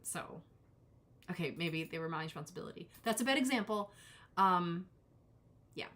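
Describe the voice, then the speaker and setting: A woman's voice: lowish voice, expressive, moderate pace, a bit bright. Rambling, chatty woman reading tarot live. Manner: rambling, self-deprecating, chatty with frequent asides. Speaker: tarot reader hosting a live stream. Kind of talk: casual live-stream chat.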